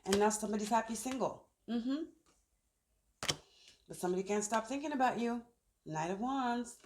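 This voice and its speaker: A woman's voice: on the high side, animated, normal speed, background noise. A woman giving a casual tarot reading, thinking aloud as she pulls cards outdoors in the sun. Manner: chatty, thinks aloud while pulling cards. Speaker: tarot reader.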